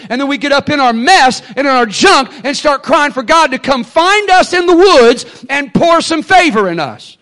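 High-voiced preacher. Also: male voice, expressive, normal speed, few pauses, a bit bright. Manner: emphatic, call-and-response. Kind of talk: sermon.

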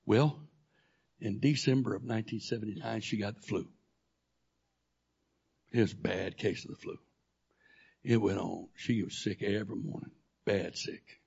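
A male pastor telling a personal testimony in a sermon, animated, acting out the dialogue as he goes. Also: on the low side, moderate pace, long pauses. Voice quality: gravelly, husky. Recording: dull lo-fi recording.

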